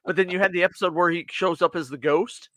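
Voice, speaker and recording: Bright-voiced excited man. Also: sits high, fast, no room sound. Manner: excited, rambling, quotes characters. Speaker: podcast co-host. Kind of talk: casual chat, retelling episodes.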